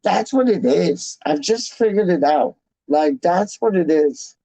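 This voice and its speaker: A man's voice: high voice, lively intonation, unhurried, warm tone, no room sound, rough recording. A man hosting a casual livestream, rambling in slang and repeating himself as he talks to his live chat. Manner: slangy and repetitive, calls people "dog" and "man". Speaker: fan channel livestream host.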